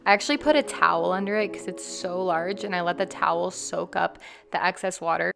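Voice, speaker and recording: A young woman chatting casually to her viewers at home as a lifestyle vlogger, relaxed and full of "like" fillers. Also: fairly low pitch, brisk, vocal fry, over music. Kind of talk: casual chat. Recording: steady background noise.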